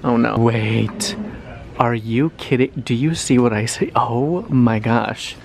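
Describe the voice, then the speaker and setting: A young man talking through a shop-with-me vlog in a home decor store, chatty and animated with dramatic reactions. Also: medium pitch, slow, gravelly, noisy background. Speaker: lifestyle vlogger.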